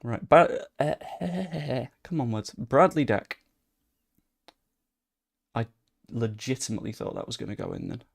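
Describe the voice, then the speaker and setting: Young male streamer, gravelly tone, casual chatty gameplay commentary, excitable, swears. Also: mid-range voice, measured pace, long pauses. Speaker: gaming streamer.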